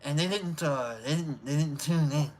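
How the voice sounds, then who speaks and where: A woman's voice: deep voice, moderate pace, darkish tone. A woman co-hosting a livestream, casually reading out chat names with rambling, playful asides and sudden whoops. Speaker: livestream co-host.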